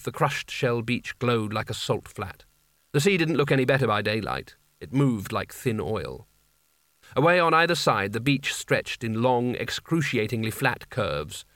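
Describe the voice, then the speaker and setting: A man doing scripted audiobook narration in a measured, wry storytelling manner. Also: mid-range voice, fairly bright tone, no echo, studio quality.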